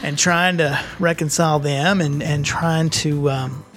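A man's voice: on the high side, steady tone, unhurried, fairly bright tone, soft background music. A man co-hosting a casual faith discussion, hesitant and searching for his words with many restarts. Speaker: podcast co-host.

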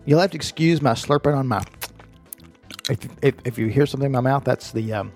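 A man's voice: medium pitch, fairly quick, darkish tone, soft background music. A man co-hosting a podcast with a stuffy, nasal voice from a cold, chatting and joking casually. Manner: joking, rambling, laughs often. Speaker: podcast co-host.

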